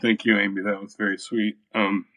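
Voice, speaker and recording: A shy, soft-spoken man who hesitates often and fills pauses with ums as he thanks the people around him in voice chat. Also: lowish voice, little pitch movement, vocal fry, no room sound. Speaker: featured artist. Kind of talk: casual voice-chat talk.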